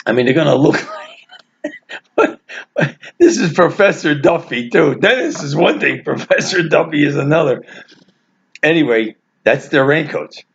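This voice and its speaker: A man casually telling a family anecdote, animated and laughing through his own story. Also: fairly high pitch, measured pace, creaky, long pauses. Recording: dull lo-fi recording.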